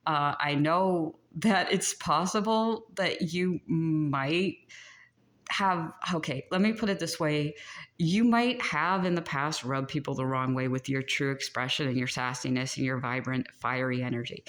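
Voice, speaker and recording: A woman giving a casual tarot reading, chatty and animated, often laughing and breaking into asides. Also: deep voice. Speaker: tarot reader.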